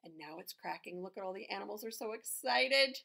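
A woman's voice: medium pitch, lively intonation, a little fast, vocal fry, pushed and bright, a little hiss or hum. A woman reading a picture book aloud, breaking off into chatty asides and acting out the animal sounds. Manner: chatty asides to the listener between pages. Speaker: storybook reader.

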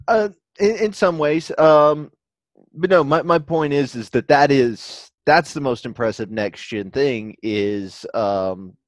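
A man's voice: mid-range voice, slow, dry recording. A man co-hosting a podcast in casual chat, rambling and often restarting his thoughts. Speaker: podcast co-host.

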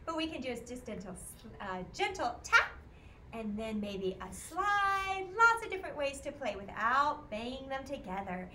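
A woman's voice: sits high, very animated, moderate pace, bright, forceful tone, slight background noise. A woman with a Midwestern American accent leading an interactive music class for small children, talking in an encouraging sing-song way and singing animal songs. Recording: echoey room, faint ambience.

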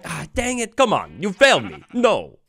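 A young man giving playful Minecraft let's play commentary, excitable and theatrical, with mock outrage. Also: high-pitched, moderate pace, background noise. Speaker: gaming YouTuber. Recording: faint background music.

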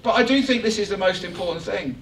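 A man preaching a lively, joking sermon to his church congregation. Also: high voice, quick pace, slight background noise. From England. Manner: animated, joking, rising excitement. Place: church hall. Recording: echoey church hall from far off.

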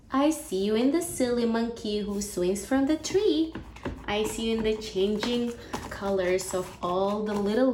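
A woman reads a picture book aloud for a baby, taking her time in a gentle sing-song way. Her mid-pitched voice rings in a roomy, echoey space. A steady background noise sits under the reading. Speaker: storybook reader.

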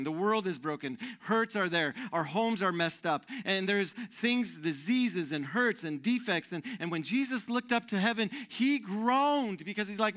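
A man in his thirties preaching a sermon as pastor, conversational and animated, often checking in with the room. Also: a little high.

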